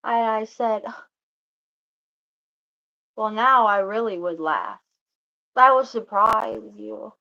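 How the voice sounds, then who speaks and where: A woman vlogger rambles through a story in casual chat, her mid-range voice animated, gravelly and bright with a forceful edge. She restarts often and drops quick asides quoting what others said. The recording is lo-fi.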